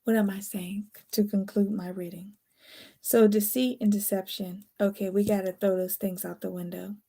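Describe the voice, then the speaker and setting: A woman's voice: mid-range voice, little pitch movement, normal speed, gravelly, warm tone, slightly rough. A tired woman giving a casual, late-night tarot reading, chatty and candid, swearing now and then. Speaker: tarot reader.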